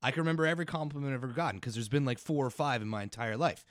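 A man's voice: mid-range voice, racing, no room sound, clean studio sound. A middle-aged father co-hosting a casual podcast, arguing heatedly and swearing as he makes his points. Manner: heated, profane and emphatic. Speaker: podcast co-host.

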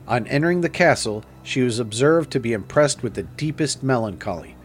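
A man narrating a gothic tale as an audiobook in a measured, grave manner. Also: mid-range voice, expressive.

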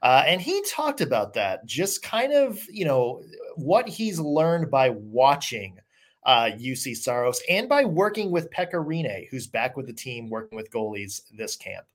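A sports podcast host talking casually, relaxed, with frequent "uh" fillers. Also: medium pitch, a little slow.

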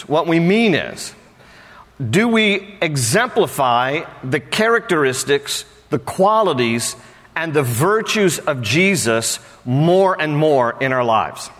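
Male pastor, slightly high voice, casual joking sermon delivery, long hall reverb. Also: fairly bright tone. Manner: conversational and joking, with playful asides.

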